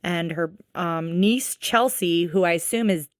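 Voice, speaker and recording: A woman's voice: on the low side, measured pace, no room sound, clean studio sound. Chatty woman podcast co-host. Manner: animated, swearing, acts out quotes. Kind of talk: casual recap chat.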